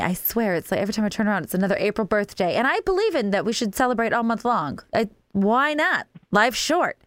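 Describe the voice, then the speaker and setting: A woman's voice: mid-range voice, clean tone, dry recording. A woman hosting a local radio talk show, gushing and promotional as she chats and plugs local businesses.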